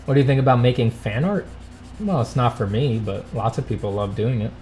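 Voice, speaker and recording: A man's voice: mid-range voice, a little fast, a little mellow, a little hiss or hum. A man hosting a casual livestream, answering viewer questions and thanking donors with dry, self-mocking humor. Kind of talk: casual livestream chat, reading donations.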